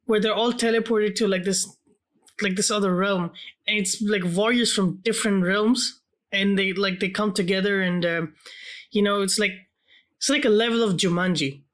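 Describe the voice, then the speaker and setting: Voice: mid-range voice, fairly bright tone. A podcast co-host in casual chat, laid-back and hesitant, with many fillers.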